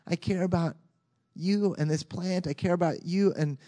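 A man voicing God as a patient, caring deity who asks calm, gentle questions. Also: high-pitched, moderate pace, natural voice.

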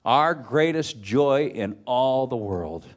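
A middle-aged pastor preaches a sermon full of personal stories and dry, self-deprecating humor, moving from loud points to hushed, tender moments. He speaks slowly, with a medium pitch and lively intonation.

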